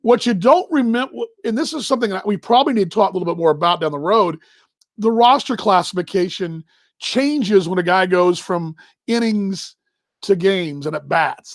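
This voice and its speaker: A man with a high, dry voice hosts a casual baseball live stream. He rambles warmly, restarts his sentences and gets emotional. His voice sits right on a close microphone with no room sound. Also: no room sound. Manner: rambling, emotional, talks while handling gear. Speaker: baseball broadcaster hosting a live show.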